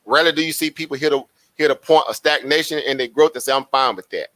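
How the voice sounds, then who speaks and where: A man chats to his livestream viewers. His voice is bright and forceful, and he is animated and preachy, repeating his phrases. The sound is dry and close. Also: medium pitch, fast, no room sound. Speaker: livestream host. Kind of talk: casual livestream chat.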